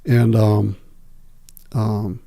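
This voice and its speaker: A middle-aged man speaks as a podcast guest, his voice gravelly and low-toned with a dark, mellow timbre. He talks in a halting, candid way, breaking off and restarting often as he recalls his past. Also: little pitch movement. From Texas. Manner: halting, many filler pauses and restarts. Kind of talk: candid interview storytelling.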